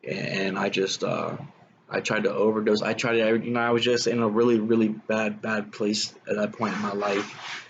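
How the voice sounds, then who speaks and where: Casual storyteller, young man, low flat voice, rambling with fillers, slightly dull recording with faint hiss. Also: normal speed. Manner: rambling, frequent fillers like "man" and "you know". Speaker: guest telling his life story.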